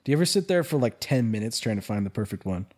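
A man's voice: on the low side, animated, very fast, a little mellow. A young man from California co-hosting a podcast, chatting casually, rambling through stories and laughing often. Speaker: podcast co-host. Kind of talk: casual chat.

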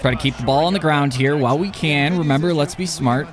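A young man commenting on his own football video game as he plays, excitable and talking to himself, often yelling at plays. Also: a little high, brisk, hardly any pauses. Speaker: gaming YouTuber. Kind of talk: live gameplay commentary.

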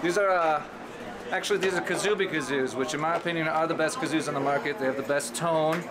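A man's voice: on the high side, fast, low-quality recording. A man who works as a musician, explaining things in a playful, jokey way. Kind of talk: casual chat. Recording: venue with loud crowd. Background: loud crowd.

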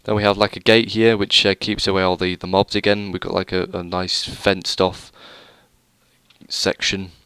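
A man's voice: low voice, little pitch movement, moderate pace, pushed and bright, clear, resonant tone, no echo. A young man giving a rambling, self-deprecating tour of a game world, full of hesitant fillers. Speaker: gaming YouTuber. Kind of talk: casual let's play commentary.

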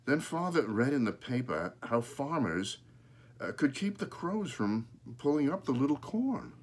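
A man reading a children's storybook aloud, pausing now and then to point out the pictures. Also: medium pitch, very animated.

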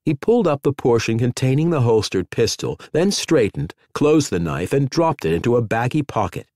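In clean, studio-quality sound with no room tone, a man with a mid-range voice reads an audiobook script expressively. He keeps a moderate pace and hardly pauses.

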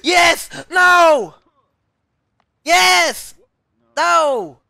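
Animated yelping VTuber woman. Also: medium pitch, very slow, creaky, pauses often, no room sound, studio quality. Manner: yelps yes and no, laughs and shrieks at setbacks. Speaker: VTuber streamer. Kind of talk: reactive gameplay commentary.

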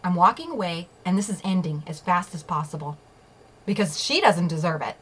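A woman's voice: fairly low pitch, expressive, a little fast, a bit bright, breathy edge, rough recording. A woman vlogger telling a personal story, emphatic, swearing at times and checking in with her listeners. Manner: emphatic, swears, asks "okay?" and "right?" often. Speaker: vlogger sharing personal experience.

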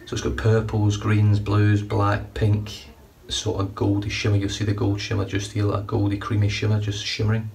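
Man, low steady voice, chatty shaving review, mic a bit far off. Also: moderate pace, gravelly. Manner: enthusiastic, rambling, chatty. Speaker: shaving vlogger. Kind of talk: casual product review. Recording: distant mic, faint room noise.

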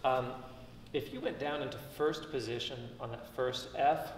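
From a distant room mic in an echoey indoor concert hall, a man with a medium-pitched voice speaks at normal speed while teaching a violin master class. He gives constructive feedback, thinking aloud and often restarting, as violin and piano play in the background.

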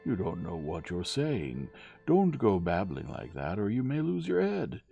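A stern old-fashioned doctor read by a man who scolds in shock. The voice is very deep and gravelly, with lively swings in pitch. A storybook reading with faint music behind. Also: a little slow, dull audio, exaggerated voice. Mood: scolding.

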